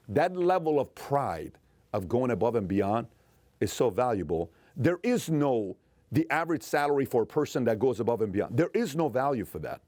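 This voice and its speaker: A man in his forties telling a personal story in an emphatic motivational talk, dropping to a soft, emotional tone. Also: mid-range voice, sing-song, normal speed, no echo. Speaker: motivational speaker and host.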